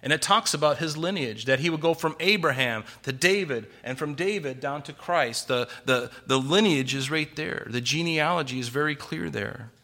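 A man preaching an expository sermon, animated and full of rhetorical questions. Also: a little high, moderate pace, few pauses. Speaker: pastor.

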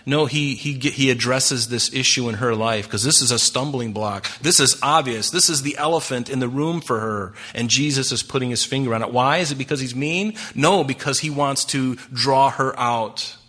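A man preaching a sermon with a bright, forceful voice. He talks to the congregation in a conversational way and keeps asking them rhetorical questions. He acts out the voices of the people in his stories. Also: mid-range voice, normal speed, few pauses. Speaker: pastor.

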